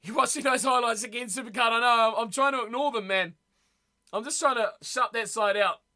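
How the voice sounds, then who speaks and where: Chatty high, bright-voiced male streamer. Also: a little fast. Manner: chatty, reacts to chat, repeats words. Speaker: streamer reading live chat. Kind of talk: casual live-stream chat.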